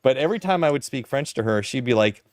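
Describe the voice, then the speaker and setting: A man chatting casually as co-host, telling animated stories and swearing freely. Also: mid-range voice, fast talker, dry recording, studio quality. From Canada. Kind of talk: casual chat.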